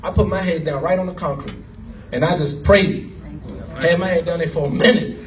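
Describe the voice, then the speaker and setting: A man giving an animated, emotional personal story as a speaker at an event, laughing as he talks. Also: fairly high pitch, moderate pace, recorded from a distance, slight background noise. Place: event hall.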